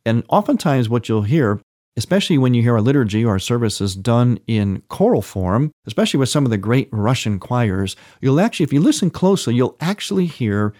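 A man's voice: mid-range voice, dark tone, no room sound, studio quality. A man, a priest hosting a religious radio program, explaining liturgy in an earnest teaching manner with emphatic repetition. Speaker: priest and radio show host.

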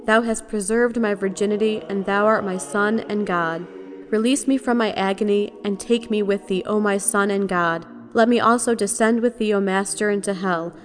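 A woman's voice: mid-range voice, fairly even intonation, normal speed, lightly acted. A woman reading the lament of a grieving mother over her dead son, in solemn, archaic prayer language. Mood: mournful. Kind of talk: liturgical reading.

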